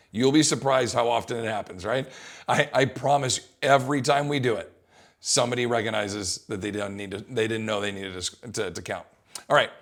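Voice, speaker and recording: A young adult man coaching fitness, explaining an exercise test in a casual, lively way. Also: mid-range voice. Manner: casual, animated, acts out coaching calls. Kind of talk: instructional talk.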